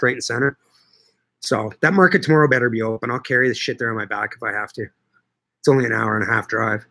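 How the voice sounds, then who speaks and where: A man's voice: medium pitch, fairly bright tone. A middle-aged man from Canada, hosting a casual livestream and chatting with viewers, joking and swearing casually. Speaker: livestream host and market grower. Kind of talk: casual livestream chat answering viewer comments.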